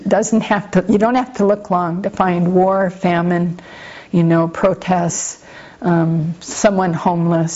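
A woman teaching Buddhist practice in an informal dharma talk. She talks in a conversational, gently humorous way and often turns to her listeners with asides. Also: mid-range voice. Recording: slightly muffled lo-fi recording.

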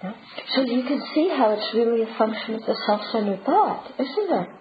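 A woman's voice: fairly high pitch, expressive, normal speed. A woman giving a conversational Buddhist teaching talk, often checking in with her listeners. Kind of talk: dharma talk. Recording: roomy, dull and noisy.

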